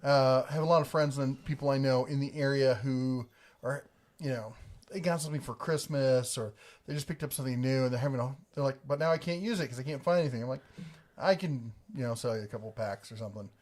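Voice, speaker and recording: A man's voice: mid-range voice, fairly even intonation, a little fast, darkish tone. A man hosting a casual livestream, rambling through viewer questions with jokes and restarts. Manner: rambling, joking, self-correcting. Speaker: livestream host.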